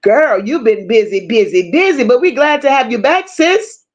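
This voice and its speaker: On her livestream, a woman reads out chat names and comments, greeting viewers casually with affectionate slang and frequent swearing. Her voice is on the high side and animated at a moderate pace, and the audio has its highs cut off.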